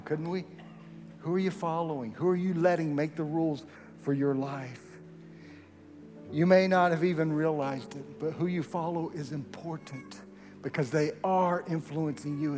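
A man preaching a sermon to a large congregation, lively and rallying, leading them in call and response. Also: a little high. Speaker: pastor. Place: large church hall. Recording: echoey hall with long reverb.

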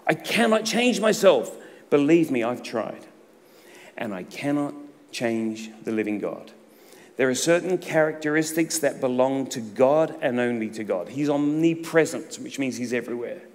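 A middle-aged man delivers a sermon, his voice at an ordinary pitch for a man. He swings between loud, emphatic bursts and hushed, low phrases. The sound carries a long reverb from the church hall. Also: animated, normal speed. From Australia. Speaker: pastor.

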